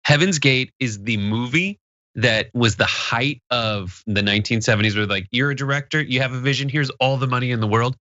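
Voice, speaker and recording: A man co-hosting a talk show, riffing jokily and slipping into quick impressions. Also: medium pitch, bright, forceful tone, no room sound, dull audio. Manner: riffing, jokey, slips into impressions. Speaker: co-host. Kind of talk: casual comedic banter.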